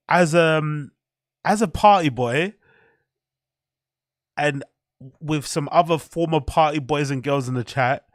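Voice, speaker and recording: A man's voice: fairly high pitch, no echo, clean studio sound. A man, commenting to his chat on a live stream in a rambling, profane way.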